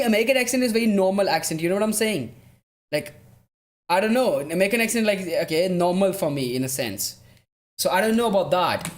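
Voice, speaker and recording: Excitable, swearing young male streamer. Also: high voice. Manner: excitable, profane, reads and answers chat. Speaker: streamer hosting a football watch-along. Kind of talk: live-stream commentary and chat.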